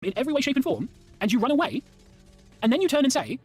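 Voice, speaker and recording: English guy, furious rapid-fire rant, swings all over in pitch. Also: big pitch swings, a little mellow, slightly rough, faint music behind. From England. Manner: heated, indignant ranting with swearing. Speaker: commentary guest. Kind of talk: ranting commentary.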